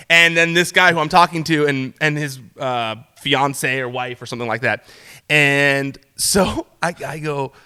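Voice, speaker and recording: Bright-voiced man telling a story. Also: fairly high pitch, unhurried, smooth. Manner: animated, laughs often while telling stories, peppers talk with "like". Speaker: interview guest, news reporter. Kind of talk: casual storytelling in an interview. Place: talk show studio set.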